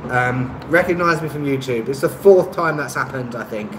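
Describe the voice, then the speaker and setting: A man's voice: medium pitch, normal speed, echoey room, noisy background. A man hosting a casual live-stream chat, answering viewers' comments in a rambling, hesitant way with lots of ums and self-deprecating asides. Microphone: phone on a stabilizer.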